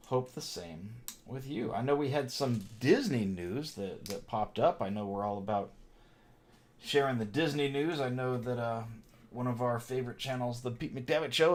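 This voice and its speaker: A middle-aged man hosting a casual livestream from home, rambling in a chatty way, laughing often and muttering to himself as he builds. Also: medium pitch. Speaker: host of a theme park channel livestream. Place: his home.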